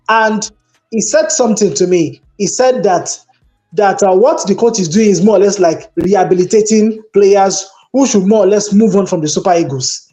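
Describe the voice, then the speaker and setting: A man's voice: high-pitched, dark tone. A man, debating football as a pundit and telling stories with emphatic exasperation. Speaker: sports pundit. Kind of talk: animated sports debate.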